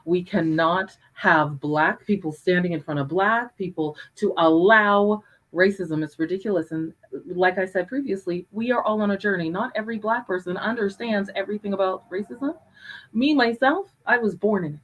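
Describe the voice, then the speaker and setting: A woman on a discussion panel speaks with an emphatic drive, stacking repeated words to press her points. Her voice sits at a middling pitch for a woman. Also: moderate pace, low-quality recording.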